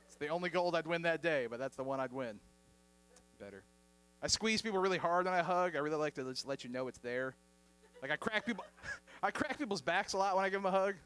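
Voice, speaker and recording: A man's voice: a little high, animated, fast talker, fairly bright tone, slight background noise. A man performing a stand-up comedy set on a club stage, joking with the crowd. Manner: joking, playful crowd work. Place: comedy club stage before a live audience.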